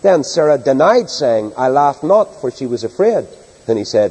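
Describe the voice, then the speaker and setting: A man's voice: medium pitch, big pitch swings, normal speed, darkish tone, husky. A man preaching an evening sermon in church, reading scripture aloud with emphatic, dramatic delivery. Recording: long reverb of a large hall.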